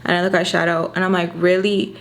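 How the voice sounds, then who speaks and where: A young woman telling a story for her vlog in a casual, animated way, with lots of filler "like"s, talking into a camera mic. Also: on the low side, very fast. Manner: animated retelling, full of filler "like"s.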